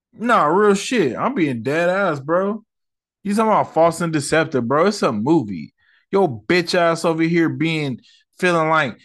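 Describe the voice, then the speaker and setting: A young man giving casual reaction commentary, slang-heavy and profane, rambling fast and bursting into loud, animated rants. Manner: loud, profane and animated, swinging into high outbursts. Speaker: online commentator.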